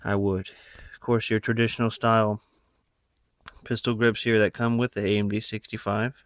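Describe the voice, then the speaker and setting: A man's voice: fairly low pitch, little pitch movement, normal speed, clear, resonant tone, dry recording. Guy rambling about his gear on a phone video, lots of uhs, clean voice, dry room. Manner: rambling, many fillers and asides. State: out of breath. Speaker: rifle owner showing his gear. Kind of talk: casual show-and-tell. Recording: phone recording.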